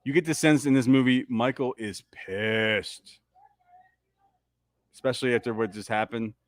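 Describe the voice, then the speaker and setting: A man hosting a live movie commentary, riffing excitedly and swearing as he reacts. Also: medium pitch, unhurried, dry recording, studio quality. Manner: excitable, profane fan riffing.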